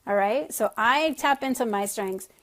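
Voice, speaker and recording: A woman's voice: on the high side, moderate pace, fairly bright tone. A middle-aged woman leading her sales team on a casual call, chatty and self-deprecating, laughing often. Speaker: network marketing team leader.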